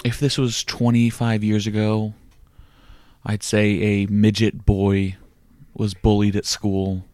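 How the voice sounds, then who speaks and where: A low-voiced man hosting an irreverent comedy podcast. He rambles and swears, tumbling through stories in quick, profane bursts with restarts. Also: monotone, darkish tone, no echo. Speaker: podcast host. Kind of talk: crude comedic podcast chat.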